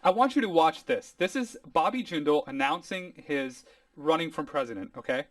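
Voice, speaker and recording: Man, podcast host, casual chat, animated and mocking, slightly distant dry mic. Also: on the high side, moderate pace, no echo.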